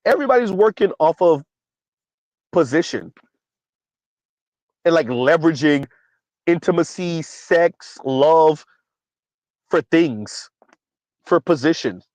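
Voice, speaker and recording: A man's voice: fairly high pitch, animated, slow pace, pauses often, darkish tone, dry recording, poor audio. Man hosting chatty commentary, dry close mic. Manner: conversational, asks "right?" often, reads comments aloud. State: dry cough. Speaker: commentary channel host. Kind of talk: casual commentary reading viewer chat.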